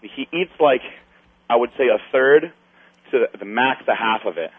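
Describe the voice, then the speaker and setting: In a husky, mid-range voice at normal speed, a man tells an animated story in casual conversation, voicing other people's lines and swearing. There's no room sound, but it comes through with a tinny phone-line quality.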